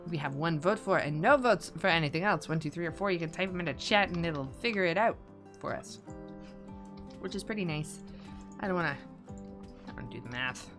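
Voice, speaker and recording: A woman's voice: lowish voice, animated, a little fast, long pauses. A woman streaming a colony game live, chatting casually, thinking aloud and repeating herself, over faint music.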